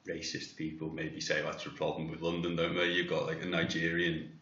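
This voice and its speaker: Easygoing Scouse male co-host, deep and bright; echoey lo-fi room. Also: monotone, a little fast. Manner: easygoing, laughs often, curious questions. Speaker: podcast co-host. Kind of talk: casual chat. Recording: echoey, muffled room sound.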